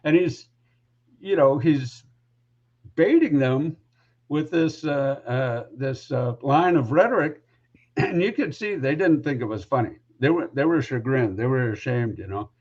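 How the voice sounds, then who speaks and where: A man's voice: medium pitch, expressive, a little slow, darkish tone, dull audio. A man who is a podcast guest, telling a story casually and rambling with lots of asides.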